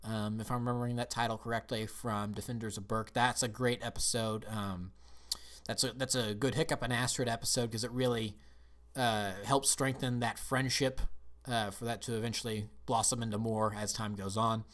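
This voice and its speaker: A man's voice: on the low side, level tone, moderate pace, a bit bright. A man talking casually as a film and TV reviewer, eager and rambling, often restarting his sentences.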